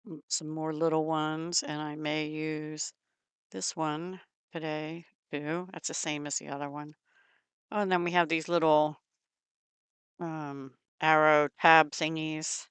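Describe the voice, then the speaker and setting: A woman's voice: low voice, smooth, no echo. A middle-aged woman hosting a crafting channel, chatting casually in her craft room and gushing over supplies with murmured asides.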